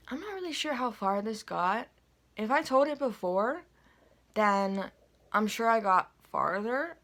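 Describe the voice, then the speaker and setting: A woman recounts her dream in an easygoing, rambling monologue, often trailing into fillers and little asides. Her voice sits at an ordinary middle pitch for a woman. It sounds like an unedited phone recording. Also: bright, forceful tone. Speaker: vlogger telling a dream. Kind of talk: casual rambling storytelling.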